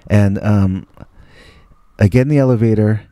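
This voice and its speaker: A man's voice: on the low side, moderate pace, mellow, no echo. Rambling, self-mocking middle-aged male storyteller. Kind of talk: casual spoken storytelling. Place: indoors.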